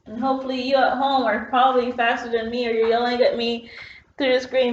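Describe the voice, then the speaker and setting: A woman's voice: on the high side, level tone, a little fast. A woman teacher giving an online phonics lesson, explaining patiently step by step with the odd "um" while she writes on a board. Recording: roomy, dull lo-fi classroom sound.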